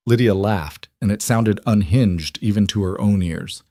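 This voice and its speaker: Low-voiced male story narrator. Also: unhurried, hardly any pauses, warm tone, dry recording, clean studio sound.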